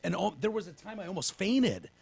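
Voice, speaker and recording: Fields: Sex: man. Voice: gravelly, husky. Style: rambling podcast storyteller. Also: high-pitched, expressive, brisk, a little mellow. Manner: rambling storyteller, swears freely, restarts often. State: recovering from pneumonia, winded. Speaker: podcast host. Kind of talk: casual podcast chat.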